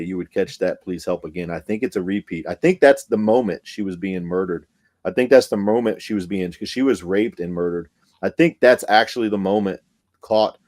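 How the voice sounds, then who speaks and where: A man, a paranormal investigator guest telling a story in casual podcast chat, excited and profane, with many fillers. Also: low voice.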